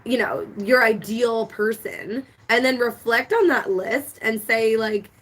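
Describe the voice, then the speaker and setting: A woman's voice: fairly high pitch, unhurried, a bit bright. A woman co-hosting a van life livestream, chatting casually, laughing often and trailing off mid-thought. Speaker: van life channel co-host.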